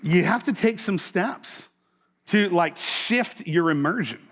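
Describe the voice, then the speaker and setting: A man's voice: sits high, lively intonation, takes it slowly. A man in his forties, a pastor, giving a sermon in a loose conversational way with many fillers and restarts.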